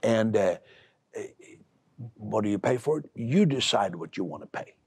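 Brusque, gravelly-voiced man preaching on TV. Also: lowish voice, animated, unhurried, darkish tone. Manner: brusque, emphatic, repeats words when building up. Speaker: preacher and TV host. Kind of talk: televised sermon.

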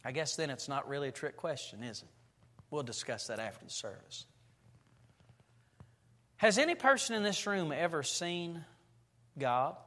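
A pastor preaching a sermon in a church, telling stories and building to loud, emphatic passages. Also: male voice, fairly high pitch, animated, moderate pace, pauses often. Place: church sanctuary. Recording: long reverb of a church hall.

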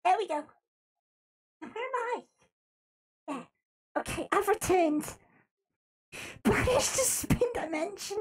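A woman streamer reacting live to memes, excitable and swearing, yelping when things go wrong. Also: extremely high pitch, slow, pauses often. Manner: excitable, swears and yelps in frustration.

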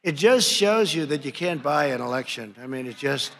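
A gravelly, slightly high male voice with a fairly bright tone drives an animated rally speech at normal speed. The speaker, in his seventies, is at a podium mic in a large conference hall facing a crowd, boasting, mocking, repeating his punchlines and coining nicknames. Hall reverb and crowd and room noise are audible.

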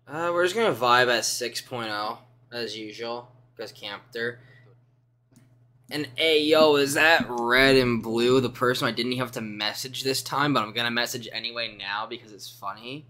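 Slow-talking, teasing male gaming streamer. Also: mid-range voice, bright, forceful tone. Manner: teasing, goofy and profane. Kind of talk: casual gameplay commentary.

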